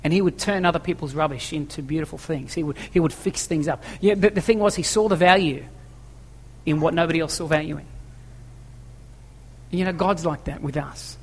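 Husky and a bit high, a pastor's voice moves a little fast as he preaches in a church hall thick with long, echoing reverb. He drives his points home to the congregation by repeating key phrases and asking rhetorical questions.

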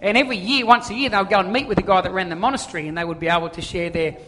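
Preacher, chatty joking sermon, mid pitch, long hall echo. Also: fairly even intonation, rapid-fire, sharp tone. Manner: conversational, joking storyteller. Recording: long reverb of a large hall.

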